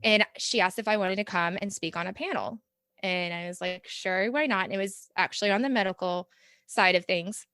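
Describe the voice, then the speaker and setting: A woman's voice: mid-range voice, fairly even intonation, fairly quick, bright, forceful tone, clean tone, no echo, studio quality. A woman, speaking earnestly and reflectively as an interview guest, often laughing as she talks. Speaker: podcast guest, parent mentor. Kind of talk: conversational interview.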